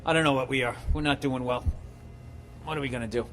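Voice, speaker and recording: A man's voice: medium pitch, quick pace, soft background music. A middle-aged man rambling through a casual, profane monologue, acting out other people's lines as he tells stories. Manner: profane, rambling, animated storytelling with acted-out quotes.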